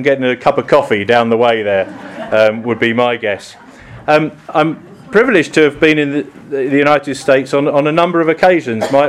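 Middle-aged English vicar, southern accent; relaxed, rambling sermon full of ums and restarts. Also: male voice, medium pitch. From England. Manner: chatty, self-deprecating, many ums and restarts. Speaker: priest. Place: church.

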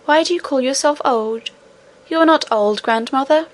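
A woman voicing a young, eager princess girl who speaks quickly and affectionately. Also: sits high, voice pushed up, lightly acted. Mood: protesting.

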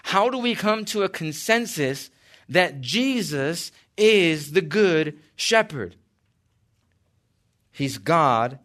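A man preaching a sermon as pastor, slow and emphatic with dramatic pauses and light asides. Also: on the high side, sing-song, fairly bright tone.

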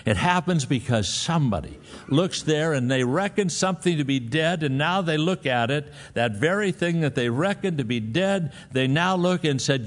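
A man's voice: a little high, lively intonation, moderate pace, hardly any pauses. A male pastor preaching a sermon, telling a folksy personal story and then pressing his point with emphatic exhortation.

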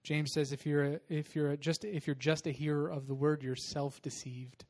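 A young man preaching a sermon with a slightly high voice. He talks casually and animatedly, telling stories and moving between loud bursts and quiet asides. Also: normal speed. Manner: casual, animated storytelling with laughs. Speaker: pastor.

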